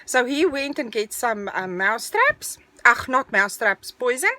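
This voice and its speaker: A middle-aged woman tells a personal story in an animated, dramatic way. Her voice sits fairly high and bright, swinging up and down as she talks. It is recorded dry and close to the mic. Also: measured pace, no echo. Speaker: vlogger telling a personal story. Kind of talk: casual storytime.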